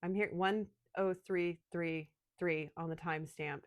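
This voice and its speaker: A woman giving an emotional, excitable channeled tarot reading, speaking straight to her viewers. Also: lowish voice, a little slow, no room sound. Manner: emotional, excitable, addresses listeners as darling. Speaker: tarot reader.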